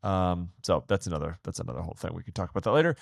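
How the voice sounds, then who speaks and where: Man, podcast co-host, lowish voice, dry close mic, upbeat eager chatter. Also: expressive, vocal fry, no echo. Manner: eager, upbeat, quick to agree. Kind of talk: casual chat.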